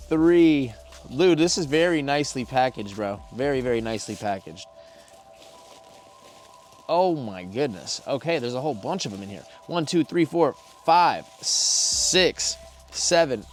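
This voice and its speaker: A man hosting his plant channel in a casual unboxing vlog, excitable and sprinkling "dude" and "bro" through his talk. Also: medium pitch.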